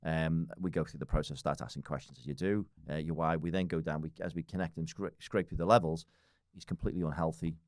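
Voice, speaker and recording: A blunt British man in his forties talks quickly in a very low voice, swearing and laughing as he goes. He is a podcast guest in casual conversation. The sound is dry and close to the mic. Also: fairly even intonation, a little mellow, no room sound. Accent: British English. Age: 40s.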